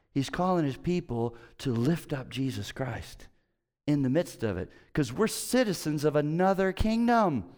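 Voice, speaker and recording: Emphatic middle-aged male pastor preaching. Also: fairly high pitch. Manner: conversational, emphatic, swings between loud and quiet. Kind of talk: sermon.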